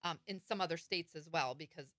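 A woman's voice: sits low, brisk, fairly bright tone, no echo, clean studio sound. A woman with a Wisconsin accent, a comedian and guest, talking easily in casual chat with frequent ums.

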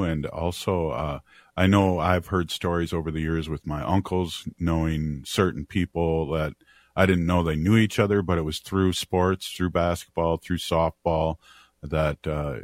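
Deep-voiced man hosting a radio show. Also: a little slow, no room sound. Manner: relaxed, affirming, with frequent "uh". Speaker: radio host. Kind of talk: casual radio interview.

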